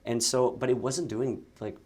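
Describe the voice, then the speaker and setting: A man guest telling stories in a casual interview, lively, with quick bursts and frequent restarts. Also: mid-range voice. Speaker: actor and content creator, guest.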